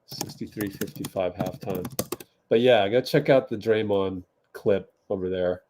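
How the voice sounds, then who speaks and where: A man's voice: fairly low pitch, measured pace, mellow, a little hiss or hum. A man hosting a casual livestream watch party, chatting with viewers, laughing often and typing as he talks. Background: keyboard typing.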